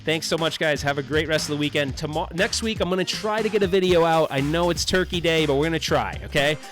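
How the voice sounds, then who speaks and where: A man chats loosely with his livestream audience, rambling and joking in a slightly raised voice. Faint music plays softly under him. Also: on the high side, fast. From United States. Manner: jokey, rambling, does goofy put-on voices. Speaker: livestream host. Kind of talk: casual livestream chat.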